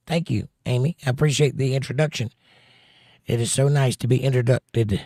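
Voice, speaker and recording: A man hosts a relaxed livestream from a home setup, greeting viewers and reading their comments aloud. His voice sits in a middle register and he slips in puns and wisecracks. The sound is close and dry with no room around it. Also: medium pitch, no echo. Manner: jokey, chatty, quick to pun. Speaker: livestream host.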